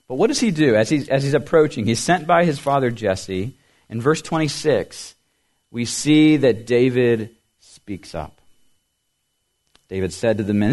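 A middle-aged man pastor preaching a sermon, explaining things clearly and quizzing the children with riddles. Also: mid-range voice, a little mellow.

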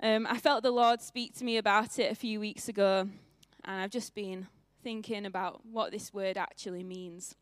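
A young woman with a northern English accent preaches in church, chatty and quick to poke fun at herself. Her voice is dry and close, with little room sound, and her pitch sits in an ordinary middle range. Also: fairly even intonation, no echo. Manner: chatty and self-mocking, laughing often. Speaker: pastor. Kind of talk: sermon.

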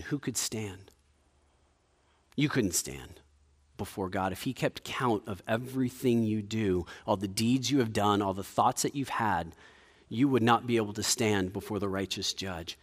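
A man preaching a sermon in a conversational way, with frequent restarts, dropping to a quiet low voice for emphasis. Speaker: pastor.

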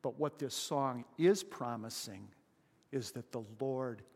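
A man preaching a sermon as pastor, emphatic, with loud rising exclamations and questions put to the congregation. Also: mid-range voice, slow, vocal fry. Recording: long hall reverb.

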